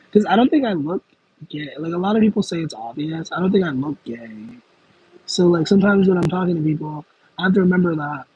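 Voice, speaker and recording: Young male streamer, casual comment-reading chat, rambling delivery, slightly husky tone. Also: sits high, moderate pace, long pauses, darkish tone, muffled recording. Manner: rambling, self-aware, with frequent fillers and laughs. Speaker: livestream host.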